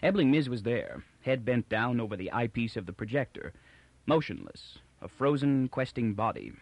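Expressive male audiobook narrator, measured, dry booth sound. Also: mid-range voice, creaky, no room sound. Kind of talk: scripted narration.

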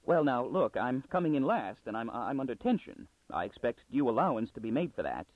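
A man's voice: huge pitch swings, moderate pace, no echo. A man reading the part of a nervous male librarian who stammers and rises into shrieks. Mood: uneasy. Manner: hesitant, breaking into high shrieks. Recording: dry, phone-like narrow sound.

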